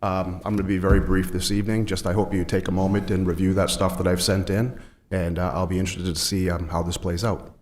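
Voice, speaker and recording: A man's voice: low-pitched, level tone, fast talker, darkish tone, slight background noise. A man giving a brief, polite public comment, hesitant with fillers.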